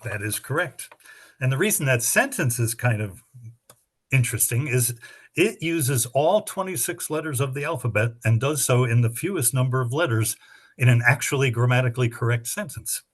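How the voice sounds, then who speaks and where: Hosting a spelling bee, this middle-aged man has an ordinary mid-pitched voice and an animated delivery at a moderate pace. He reads out the rules and practice words to teams, going over the rules at length and offering a sample sentence for every word, all in a chatty, explanatory way with dry humor.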